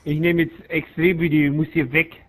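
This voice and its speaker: A young man whose first language is German, yelling insults in voice chat while playing an online shooter, switching between English and German. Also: a little high, level tone, a little fast, crowd noise. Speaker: opponent in voice chat. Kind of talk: angry game voice chat.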